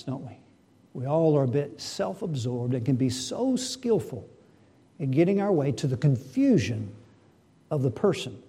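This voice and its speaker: A middle-aged man preaches a sermon in a fairly high, very lively voice. His delivery swings between quiet and emphatic, animated throughout. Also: husky. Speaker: pastor.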